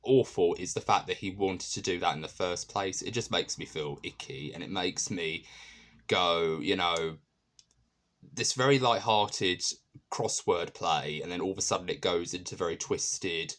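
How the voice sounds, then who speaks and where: A man with a low voice reviews a TV episode in a loose, chatty way. He wanders through his points and keeps stopping to restart or fill gaps with ums. He comes across earnest and keen on the episode. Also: moderate pace, fairly bright tone. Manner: rambling, many fillers and restarts. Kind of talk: casual spoken episode review.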